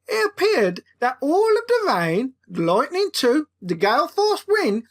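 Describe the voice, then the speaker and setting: A woman reading her own comic novel aloud with a playful, expressive delivery. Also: sits high. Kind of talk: comic audiobook narration.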